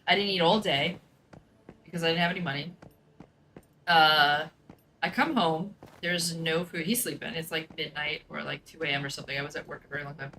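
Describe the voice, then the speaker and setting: A woman's voice: low voice, steady tone, fairly quick, sharp tone, slight background noise, poor audio. A young woman telling a personal story in casual chat, blunt and profane, with lots of "like". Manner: blunt, profane, fills speech with "like". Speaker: gaming streamer.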